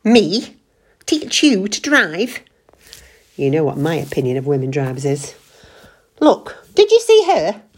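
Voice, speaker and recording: A sarcastic, grumbling husband in a hurry, read by a woman. His voice is husky, low-set and swings widely in pitch. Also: wildly swooping pitch, a little slow, long pauses, exaggerated voice. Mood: impatient. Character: impatient middle-aged husband, sulky and sarcastic.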